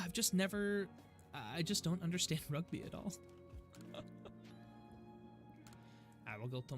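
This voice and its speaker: A talkative man on a live game stream, his voice sitting a little high for a man. He rambles loosely between topics and breaks into easy laughter as he plays. Soft game music runs underneath. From United States. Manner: chatty and rambling, laughs easily. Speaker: gaming streamer. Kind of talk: casual live-stream chat while playing. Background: faint game music.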